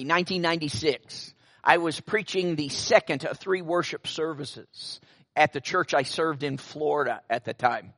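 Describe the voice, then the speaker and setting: A middle-aged male pastor preaches a sermon, telling stories with wry asides. His voice is a little high, with a fairly bright tone.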